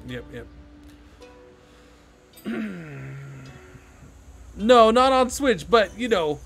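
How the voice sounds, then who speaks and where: A man's voice: sits high, big pitch swings, drawn-out words, music in the background. A man casually commenting on his own gameplay during a live stream, talking to himself and sarcastically answering chat. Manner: chatty, self-talking, sarcastic asides to chat.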